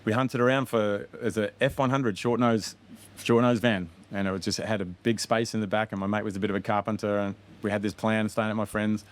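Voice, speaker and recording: Aussie guy talking quick on a podcast, upbeat, lowish voice. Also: flat delivery. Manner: quick, upbeat, frequent fillers like 'you know'. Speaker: podcast guest, entrepreneur. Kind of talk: casual interview chat.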